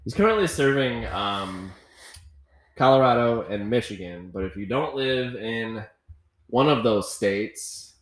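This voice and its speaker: A man co-hosting a podcast in casual chat, joking with playful asides. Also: fairly low pitch. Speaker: podcast co-host. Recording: roomy echo.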